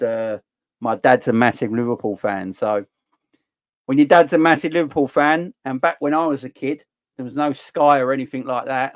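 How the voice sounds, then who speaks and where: A man in his forties with a South East London accent, hosting a football livestream and ranting passionately between relaxed chat with viewers. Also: mid-range voice. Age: 40s. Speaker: football channel livestream host.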